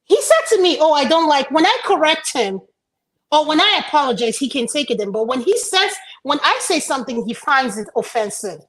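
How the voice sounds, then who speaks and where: A woman's voice: high voice, big pitch swings, fairly quick, a bit bright, rough recording. A woman from Africa on a discussion panel, speaking emphatically and making her opinions plain.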